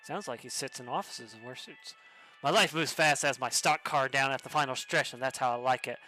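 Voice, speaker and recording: Cheesy would-be romancer, soft and hammy, bright tone , a man putting him on. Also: mid-range voice, fairly quick, soft background music, voice pushed down, lightly acted. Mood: romantic. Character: cheesy smooth-talking man on a dating site.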